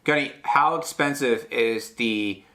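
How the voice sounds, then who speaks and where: A young man hosting a comedy segment, sarcastic and excitable, swinging from loud to soft in a small studio. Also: mid-range voice, slow, noisy background. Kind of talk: comedic rant. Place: small studio with blue sheet backdrop.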